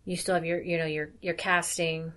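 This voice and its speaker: Chatty woman guest, bright tone, quick talker, soft-furnished hotel room. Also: fairly low pitch, flat delivery. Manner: chatty and quick, laughs loudly. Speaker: makeup artist guest. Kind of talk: casual interview chat.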